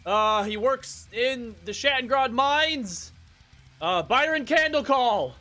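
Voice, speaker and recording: A man's voice: very high-pitched, lively intonation, pushed and bright, soft background music, voice pushed up, heavily acted. A man playing a stammering fight announcer. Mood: flustered. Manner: stammering, drawn-out introductions. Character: flustered male fight announcer.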